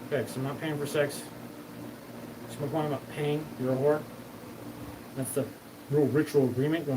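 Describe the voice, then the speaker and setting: A man's voice: fairly high pitch, steady tone, moderate pace, pauses often. Rambling profane man, far from the mic. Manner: rambling, profane, jumps between topics. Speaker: show host. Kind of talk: rambling livestream monologue. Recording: distant mic, clear background noise.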